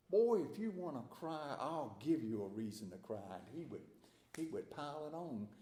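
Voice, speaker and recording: Addressing a crowded meeting room, this older recovery meeting speaker shares his story with earnest emphasis, frequently repeating himself. He has a medium-pitched, dark-toned voice, recorded in an echoing hall with a little background room noise.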